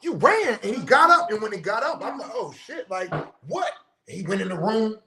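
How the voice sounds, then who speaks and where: High-voiced profane man telling stories. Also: a little fast, crowd noise. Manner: profane, animated storyteller who acts out quotes. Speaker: podcast host. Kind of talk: casual storytelling.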